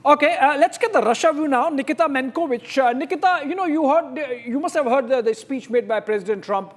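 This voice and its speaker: A man's voice: very high voice, brisk. A man anchoring a live TV news debate, asking long, winding questions full of fillers.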